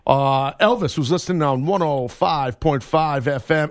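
A man's voice: fairly high pitch, moderate pace, no echo, clean studio sound. A man co-hosting a sports radio show, jokey and sarcastic, laughing often. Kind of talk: sports talk radio banter.

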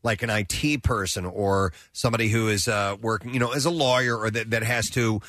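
Measured male radio co-host. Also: on the low side, fairly even intonation, fairly bright tone, no room sound, clean studio sound. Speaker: radio co-host running a quiz. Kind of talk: casual on-air banter.

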